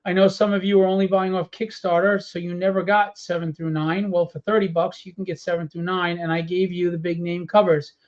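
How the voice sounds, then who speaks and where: A weary man with a high voice talks through his comic book campaign live, full of ums and uhs. He sounds fed up and annoyed as he goes. The stream audio is muffled and lo-fi. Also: little pitch movement, brisk, few pauses. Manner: rambling, audibly frustrated and annoyed, with many fillers. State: tired. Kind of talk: casual live-stream walkthrough.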